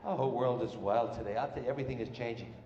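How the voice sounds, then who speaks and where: A male stand-up comedian with a warm, medium-pitched voice works the stage before a live crowd, firing off brash jokes and doing characters' voices. The lo-fi recording has slight background noise and the echoey reverb of a live club room.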